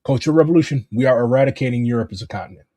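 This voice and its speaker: A man's voice: mid-range voice, rapid-fire, dark tone, no echo. A man chatting casually on a live stream, rambling and swearing as he jumps between topics.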